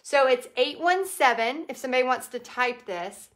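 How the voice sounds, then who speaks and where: Painting on a livestream in an echoey room, this Texas-accented craft business teacher and host talks directly to viewers in a casual, rambling way. Her voice is high-pitched and expressive, fairly bright, at a normal speed.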